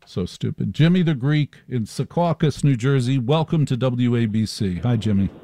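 A man's voice: mid-range voice, moderate pace, very noisy. A male radio talk show host riffing sardonically through a live monologue. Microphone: studio microphone.

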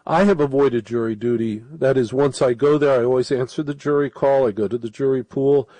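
A man's voice: mid-range voice, fairly quick, dark tone, dry recording. A middle-aged man hosting a late-night radio show, talking to listeners in a rambling, casual monologue while sniffling with a cold. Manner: rambling, conversational, with restarts and asides.

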